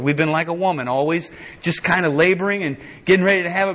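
Male preacher, verse-by-verse teaching, slightly high voice, reads scripture then explains, dull lo-fi recording. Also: fast talker, fairly bright tone. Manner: reads King James scripture aloud, then explains it plainly; frequent restarts and self-corrections. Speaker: Bible teacher. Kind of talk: verse-by-verse sermon.

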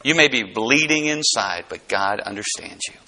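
A middle-aged man preaching a sermon as pastor, swinging between hushed, tender asides and emphatic, animated stretches. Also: fairly low pitch, moderate pace.

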